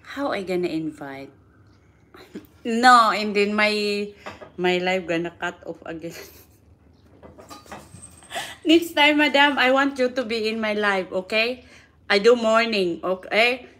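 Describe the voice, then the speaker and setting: This woman hosts a casual livestream in a medium-pitched, expressive voice that sounds pushed and bright, speaking slowly and pausing often. She's chatty and laughs a lot, and her phrasing is simple and repetitive, with non-native grammar.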